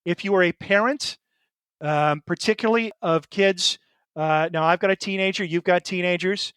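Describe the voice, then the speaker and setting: High-voiced earnest middle-aged man. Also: normal speed, a bit bright, clean tone, dry recording, clean studio sound. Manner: earnest, emotional, hesitant with many fillers and restarts. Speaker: podcast co-host. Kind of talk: casual chat.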